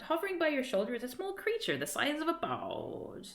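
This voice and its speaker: A woman's voice: high-pitched, wildly swooping pitch, fairly quick, few pauses. A woman streamer reading a gamebook aloud with theatrical flair, often tripping over words and starting sentences again. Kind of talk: dramatic gamebook narration on a live stream.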